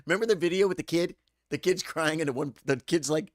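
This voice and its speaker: A man chatting live with his viewers, tired and choked up, halting and repeating words as he talks. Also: fairly high pitch, no echo, clean studio sound. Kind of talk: casual live-stream chat.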